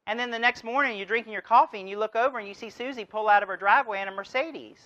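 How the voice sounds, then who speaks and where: A man's voice: high-pitched, racing, few pauses, pushed and bright, muffled recording. A man giving a motivational keynote address, telling a story and driving his points home with rhetorical questions. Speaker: keynote speaker.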